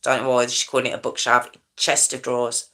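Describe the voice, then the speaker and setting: A woman's voice: extremely low pitch, completely flat delivery, brisk, sharp tone. A middle-aged woman hosting a true crime channel, recounting a case conversationally, often checking in with "okay?" and reacting with shock. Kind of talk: true crime commentary monologue.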